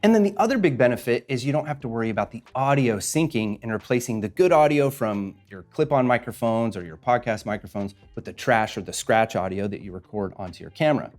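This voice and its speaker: A man hosting a podcasting tutorial and chatting through a screen-share walkthrough. He keeps it upbeat, with quick jokes, and speaks into a podcast mic. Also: medium pitch, animated, a little mellow. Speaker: host and podcasting instructor. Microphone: podcast mic through a mixer.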